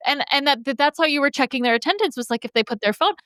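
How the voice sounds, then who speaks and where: A woman's voice: sits high, expressive, very fast, pushed and bright, no room sound, clean studio sound. A woman in her thirties hosting a podcast in a chatty manner, full of "like"s. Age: millennial, 30s. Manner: chatty, filler-heavy, many "like"s. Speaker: podcast host. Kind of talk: casual podcast conversation.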